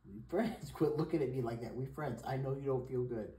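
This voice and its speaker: A woman talking softly to her cat at home, coaxing and soothing it with repeated reassurances. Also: very deep voice, brisk. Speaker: cat owner. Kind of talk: talking to a pet. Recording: roomy, from away from the mic.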